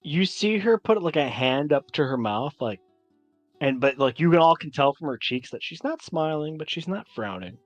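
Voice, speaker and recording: A man narrating as game master of a tabletop game, describing scenes in a measured way and pausing to think. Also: fairly high pitch, very animated, no echo, faint music behind.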